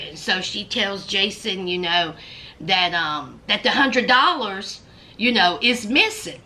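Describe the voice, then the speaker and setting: A woman's voice: medium pitch, expressive, slow pace, sharp tone. A woman animatedly recapping reality show drama in a casual, storytelling way.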